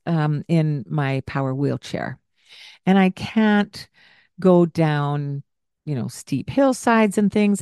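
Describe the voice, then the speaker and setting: A woman's voice: low voice, no room sound, studio quality. A woman hosting a parenting podcast, telling a story from her time caring for a young child and acting out what each of them said. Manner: animated, acts out what she and the child said. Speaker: podcast host and childcare provider. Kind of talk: casual storytelling with parenting advice.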